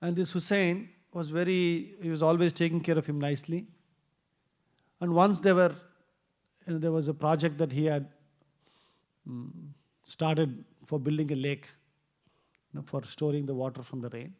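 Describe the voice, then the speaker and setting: A man's voice: fairly high pitch, steady tone, moderate pace, pauses often, darkish tone. A man giving a temple class, telling a story and acting out the quoted dialogue with a rising voice. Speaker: temple speaker. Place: temple hall.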